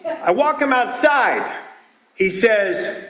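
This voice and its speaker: High, animated man in a roomy hall. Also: normal speed. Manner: loud, animated storytelling with voiced characters. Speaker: speaker at a twelve-step meeting. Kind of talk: comedic recovery talk. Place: meeting hall. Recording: roomy hall with audience laughter.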